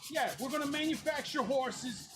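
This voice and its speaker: Man, voice changer, very high pitch, profane joking banter, workshop sanding noise. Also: normal speed. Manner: profane, joking, mimics others. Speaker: shop owner hosting open shop. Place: noisy prop workshop.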